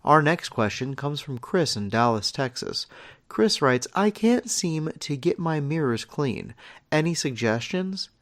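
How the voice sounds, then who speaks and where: A man hosts a comedy podcast, reading absurd ads and listener letters with a dry, mock-serious delivery. His pitch moves in a lively way around a middle register. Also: a little slow. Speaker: podcast host.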